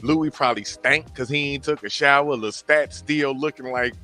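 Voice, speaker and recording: Animated man hosting a casual chat. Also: mid-range voice, normal speed, soft background music. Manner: animated, slangy, argues his point. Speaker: stream host.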